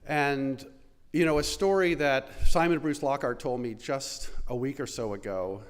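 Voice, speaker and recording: A man leading a school chapel service, talking to the congregation in a relaxed, halting way. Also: mid-range voice. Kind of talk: casual address to a congregation. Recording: reverberant chapel.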